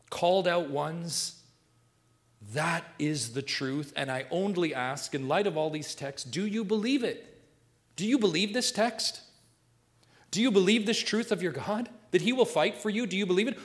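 A male pastor preaching a sermon, reading scripture and swinging from hushed, intimate remarks to emphatic, repeated declarations. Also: high-pitched, expressive, moderate pace.

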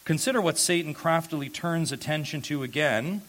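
A man's voice: animated, normal speed. Man preaching an emphatic sermon. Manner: emphatic preaching, rising loud on key points and dropping low and soft; asks the congregation rhetorical questions. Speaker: pastor. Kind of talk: expository sermon.

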